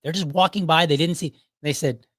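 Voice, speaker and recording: A man's voice: fairly high pitch, brisk, a bit bright, no room sound. Middle-aged man chuckling through a story. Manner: chuckles often while recounting, loose and conversational. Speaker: podcast host. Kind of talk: casual storytelling monologue.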